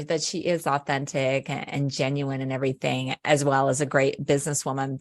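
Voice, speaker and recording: A woman hosts a podcast interview with a low voice and an unhurried pace. She sounds reflective and appreciative as she responds to her guest. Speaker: podcast host.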